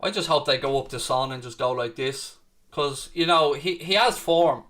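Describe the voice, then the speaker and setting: A man's voice: medium pitch, normal speed, fairly bright tone. A man hosting a live football watchalong, ranting passionately and answering the chat. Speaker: watchalong host. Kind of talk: heated live football rant.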